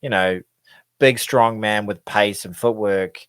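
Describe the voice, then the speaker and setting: A man co-hosting a casual podcast, full of lively, self-mocking banter. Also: lowish voice, takes it slowly, clean tone, no echo. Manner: animated, self-deprecating banter. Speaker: podcast co-host. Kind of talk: casual sports chat.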